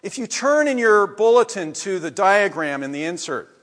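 A male pastor preaching a sermon to his congregation, measured and earnest, letting phrase endings fall away softly. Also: high-pitched, big pitch swings. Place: church sanctuary. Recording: long church reverb.

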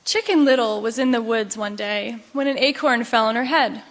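A woman's voice: on the high side, moderate pace, long reverb tail. A woman pastor giving a sermon, telling a story expressively before reflecting, in a church. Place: church sanctuary.

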